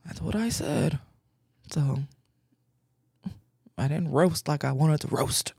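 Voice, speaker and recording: A woman's voice: low-pitched, slow pace, creaky, warm tone, breathy edge, no echo, clean studio sound. A woman podcast host frankly commenting on a news story she reads out, laughing often.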